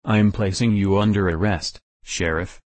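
A man voicing a plainspoken, dutiful deputy who talks in a calm, matter-of-fact drawl. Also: low voice, unhurried, no room sound.

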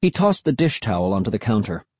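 Husky man narrating an audiobook. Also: fairly low pitch, fast talker, no room sound. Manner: expressive, lively storytelling. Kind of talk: first-person audiobook narration.

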